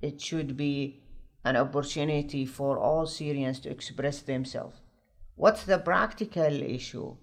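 A male political commentator in a news discussion, earnest and halting as he searches for words. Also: a little high.

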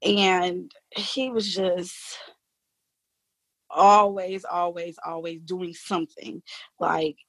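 Teacher lady telling a story in a chill interview, kinda husky, super animated, laughs a lot. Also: lowish voice, slow pace, long pauses, no echo. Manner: animated, laughs often, informal slang.

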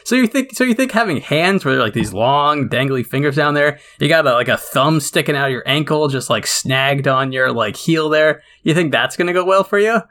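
A male podcast host with a bright, forward tone. He keeps the chat going with playful teasing and quick, joking jabs at his guest. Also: on the high side, lively intonation.

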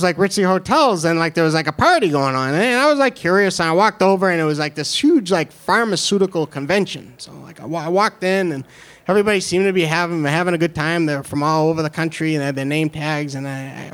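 A young man with a New York accent telling a funny personal story, animated and self-deprecating, with halting restarts. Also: a little high. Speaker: storyteller and comedian. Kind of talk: comedic personal story told to an audience.

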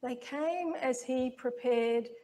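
A woman preaching a sermon, reading scripture in a slow, measured, reflective way. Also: sits high, warm tone.

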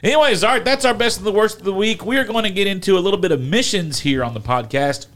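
Animated storytelling male podcast host. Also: sits high, fast talker. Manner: animated storyteller, acts out quotes. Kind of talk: casual chat.

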